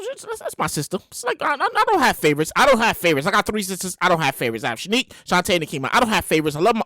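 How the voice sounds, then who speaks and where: A woman in her late thirties with a Brooklyn accent hosts a comedy podcast on her own. Her high, bright voice leaps around as she exclaims and repeats herself loudly. The sound is close and dry. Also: no echo. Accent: New York, Brooklyn. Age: late 30s. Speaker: podcast host. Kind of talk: solo comedic podcast monologue. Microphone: studio microphone.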